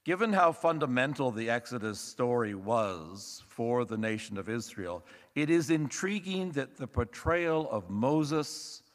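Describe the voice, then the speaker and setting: Slow, measured preacher in an echoing church. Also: male voice, mid-range voice. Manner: measured, thoughtful delivery with wry asides. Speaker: pastor. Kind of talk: sermon. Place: church sanctuary. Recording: long reverb of a church hall.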